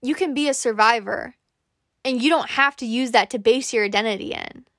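High-voiced earnest woman podcaster. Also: a little fast, a bit bright, no room sound, studio quality. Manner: earnest, encouraging, addresses listener directly. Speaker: podcast host. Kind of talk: motivational monologue.

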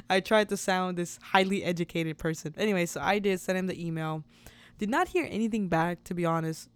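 A woman hosting a podcast, telling a personal story in a chatty, animated way, laughing often and acting out the dialogue. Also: fairly low pitch, no room sound. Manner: chatty with many fillers and restarts. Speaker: podcast host. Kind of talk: casual storytelling.

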